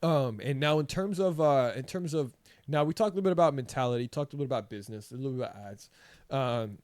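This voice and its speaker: A man hosts a casual podcast interview in an easygoing, encouraging way, leaning on fillers like "you know" and "man". His voice sits at an ordinary middle pitch, recorded dry and close. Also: expressive, quick pace, a little mellow, dry recording. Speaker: podcast host.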